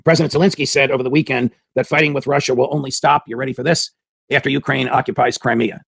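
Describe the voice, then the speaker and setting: Male commentary host, husky gravelly voice, dry close sound, emphatic and argumentative. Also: mid-range voice, steady tone, fast talker, a bit bright, dry recording. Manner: emphatic, with hammering rhetorical questions. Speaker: political commentary show host. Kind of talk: opinionated commentary monologue.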